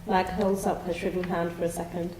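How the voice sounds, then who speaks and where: A woman reading a play's stage directions aloud in an even, descriptive way, in a theatre studio. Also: on the low side, fairly quick, echoey room, a little hiss or hum, rough recording.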